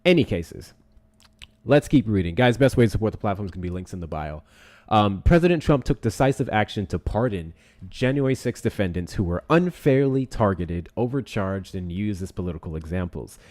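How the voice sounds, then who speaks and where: A man's voice: lowish voice, expressive, brisk, a little mellow. A young man hosting a live stream, reading articles aloud and reacting with profane, sarcastic commentary.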